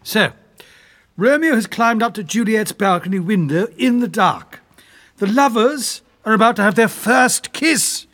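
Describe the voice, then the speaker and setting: A patient drama teacher. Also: male voice, high voice, a little slow. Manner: calm, directing.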